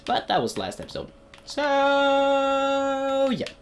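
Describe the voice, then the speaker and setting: A man's voice: very high-pitched, huge pitch swings, slow, a little hiss or hum. A young man doing playful, rambling gameplay commentary in a put-on Australian accent, talking to the characters on screen. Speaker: gaming video host.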